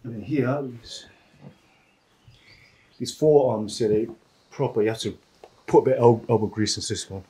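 A man's voice: mid-range voice, moderate pace, pauses often, mellow, reverberant, a little hiss or hum, low-quality recording. A man working as a massage therapist, chatting casually and laughing often while he massages. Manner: laughs often, loose slangy storytelling.

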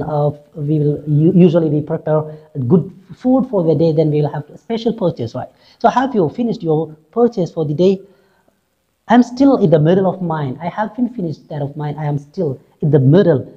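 A woman's voice: deep voice, normal speed. A woman teacher reading a play aloud and explaining each line in simple words, with many fillers and frequent "right?" checks. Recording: dull lo-fi recording.

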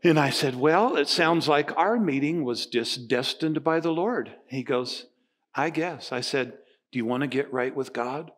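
A man's voice: a little high, unhurried, a bit bright. An older man in his sixties, a pastor from Nova Scotia, telling a story in a sermon and acting out the voices of the people in it. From Nova Scotia, Canada.

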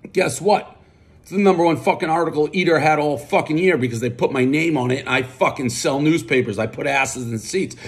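Profane, boastful man ranting outdoors, slightly high voice. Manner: combative, swears constantly, boastful. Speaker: pizza reviewer host. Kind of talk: profane ranting pizza review vlog.

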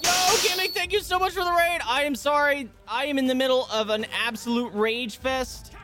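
A man's voice: very high-pitched, moderate pace. A male streamer giving live gameplay commentary, ranting and swearing in frustration. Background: faint game music.

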